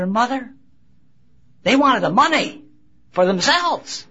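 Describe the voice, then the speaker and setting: A man delivers a sermon in a husky, bright, rather high voice. He talks haltingly, restarting phrases and pushing up on key words. The recording is dull and lo-fi. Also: big pitch swings. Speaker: preacher. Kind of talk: sermon with Bible reading. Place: convention gathering.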